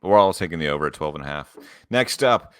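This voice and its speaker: A man hosting a sports podcast in casual chat, laid-back, running through lists with quick quips. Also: very deep voice, lively intonation, fairly bright tone, clear, resonant tone, dry recording, clean studio sound. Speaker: podcast host.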